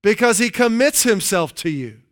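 A man preaching a sermon, emphatic and playful, repeating key phrases and reading scripture slowly. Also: high-pitched, animated, a bit bright. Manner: playful asides, chuckles at his own jokes.

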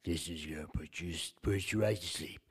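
A young man co-hosting a casual comedy podcast, deadpan and stubborn, dragging out his jokes. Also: sits low, moderate pace, gravelly, slightly rough. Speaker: podcast co-host.

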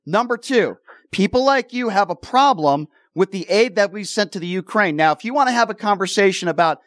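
A man's voice: high voice, lively intonation, brisk, a bit bright, dry recording, clean studio sound. A male radio talk show host arguing with a caller on air. He is combative, cuts in, and repeats himself to hold the floor. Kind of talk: heated call-in radio argument. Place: radio studio. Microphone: studio microphone.

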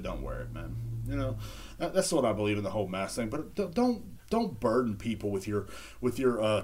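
Man hosting a solo podcast, crude rambling jokes, swooping animated pitch. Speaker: podcast host. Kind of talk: casual solo podcast monologue. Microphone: handheld recorder.

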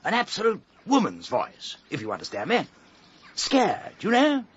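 An actor playing a nervous, excitable young upper-class man in a vintage radio drama, dithering and gushing. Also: high voice, moderate pace, slightly rough, full character voice. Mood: flustered. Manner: dithering, fussy, breathless gushing. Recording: dull old radio recording.

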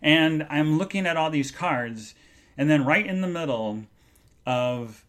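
A man hosting a solo podcast, talking in an earnest, halting way with many restarts as he recounts an emotional day. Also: on the high side, animated, fairly bright tone. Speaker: podcast host. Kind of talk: solo live podcast monologue.

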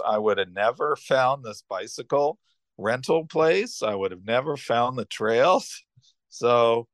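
Older man, rambling storyteller, dry close sound, average pitch. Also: fairly bright tone, no room sound. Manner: rambling, many restarts and asides. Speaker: podcast host. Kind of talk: casual storytelling.

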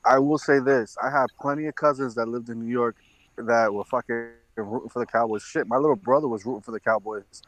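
A man's voice: medium pitch, fairly even intonation, brisk, no room sound, rough recording. A man in casual profane chat, rambling and restarting as he tells a story.

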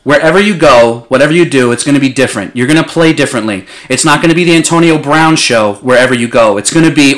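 A man's voice: medium pitch, fast talker, hardly any pauses, a bit bright. A young man in casual sports talk as a podcast co-host, passionate and blunt, swearing freely.

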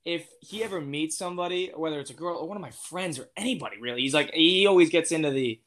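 A man's voice: on the high side, fast talker, a bit bright. A young man as an interview guest, talking in a casual, rambling way with lots of fillers and restarts. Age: young adult.

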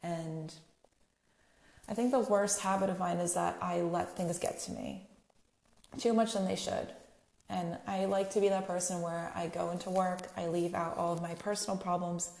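A young woman hosts a solo podcast in a chatty, candid, freely swearing way. Her voice sits a bit low and has a gravelly fry. The recording has a noticeable roomy echo. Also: steady tone, normal speed, a little mellow. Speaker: podcast host. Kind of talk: casual solo podcast monologue. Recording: echoey room.

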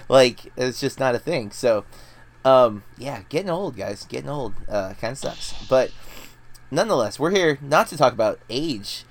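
A man's voice: medium pitch, lively intonation, normal speed, slight background noise. A man in his thirties, a podcast co-host telling rambling, self-deprecating stories in casual chat.

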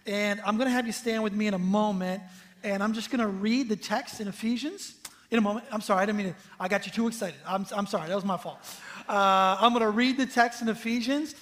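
A high-pitched man in his thirties preaches to a congregation in a casual, joking manner. His voice rings with a long reverb through a church sanctuary. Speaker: guest pastor. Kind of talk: sermon.

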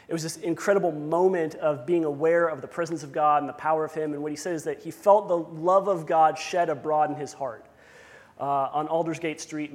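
A man's voice: a little high, long reverb tail. A man preaching a sermon as pastor, conversational with self-deprecating asides.

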